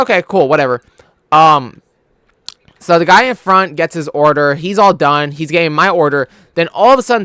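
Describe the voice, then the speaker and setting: A man's voice: on the high side, bright, forceful tone, clean tone, no echo, studio quality. A young man from California, a gaming YouTuber, telling a rambling, profane story in casual chat. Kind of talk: casual storytelling over gameplay.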